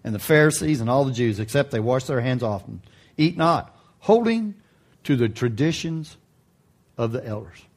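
A man pastor preaching a sermon in a folksy, joking way, his voice jumping high for emphasis. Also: expressive, moderate pace.

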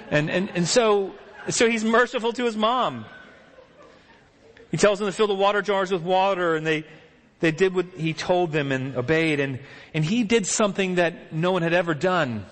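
A man preaching a sermon, telling Bible stories with animated, acted-out character voices. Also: high-pitched, moderate pace, in a large hall.

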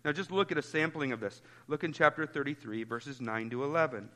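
A man's voice: medium pitch, brisk, bright, forceful tone, in a large hall. A pastor giving an earnest expository sermon, citing chapter and verse as he goes.

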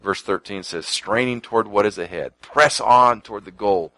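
A man giving a conversational sermon, quoting scripture and swinging between soft, hushed lines and emphatic ones. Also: lowish voice, normal speed, poor audio. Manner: conversational preaching, repeats words, quotes scripture; shifts from soft near-whispers to emphatic lines. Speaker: pastor.

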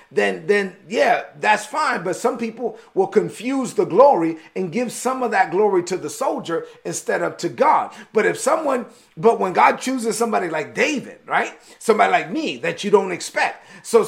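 Male preacher, from Brooklyn, emphatic, repeats points, high voice, gravelly. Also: fairly bright tone. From Brooklyn, New York. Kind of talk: devotional sermon.

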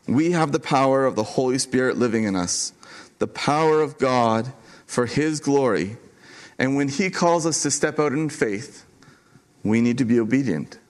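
Here a pastor gives a sermon in a mid-range voice, his delivery emphatic and sincere, punctuated by repeated key phrases and dramatic pauses.

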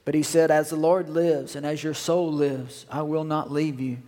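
A man's voice: on the high side, level tone, normal speed, mellow. A male pastor preaching a sermon, repeating phrases and asking the congregation questions. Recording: long hall reverb.

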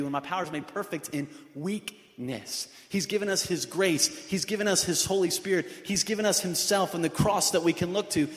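Male preacher in an echoey hall. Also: on the high side. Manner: earnest, many rhetorical questions. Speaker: pastor. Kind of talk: sermon. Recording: echoey hall with long reverb.

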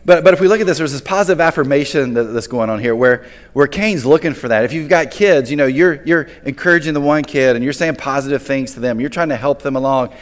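A man's voice: mid-range voice, quick pace. A man preaching a sermon as a pastor, talking casually and conversationally and often restarting words. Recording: long hall reverb.

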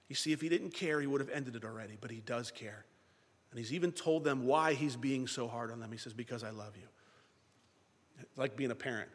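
A man preaching a sermon as pastor, swinging between loud emphasis and hushed, quiet lines. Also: medium pitch, a little fast, breathy edge. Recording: long reverb of a large hall.

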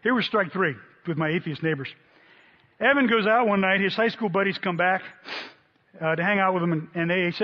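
A man preaching a sermon, telling a story with lively acted-out quotes. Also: high voice, a little fast. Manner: animated storyteller, voices quotes loudly. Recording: dull sound in a long-reverb hall.

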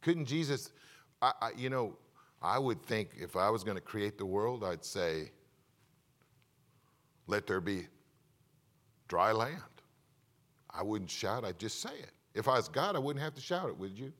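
A middle-aged man preaching a sermon as pastor, moving between loud emphatic points and low confiding asides while putting questions to his congregation. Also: sing-song, normal speed.

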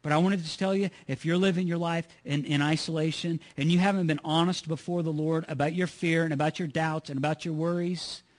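A man's voice: a little high, steady tone, brisk, hardly any pauses. A man preaching a sermon as pastor, earnest and repetitive, asking his listeners rhetorical questions.

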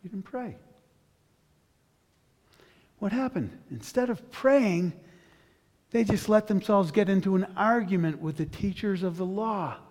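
Brief: male pastor, storytelling sermon, pauses then builds, slightly high voice, reverberant sanctuary. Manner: dramatic storytelling, long pauses, builds to loud intensity.

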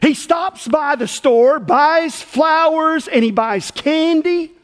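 A pastor with an extremely high-pitched voice preaches slowly in a church sanctuary, where a long hall reverb hangs on every word. He's an animated storyteller, acting out the voices of the people in his tale.

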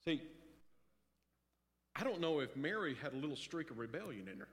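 A man's voice: on the high side, wildly swooping pitch, measured pace, fairly bright tone, big-room sound. A man preaching a sermon in a conversational way, with joking asides and acted-out quotes.

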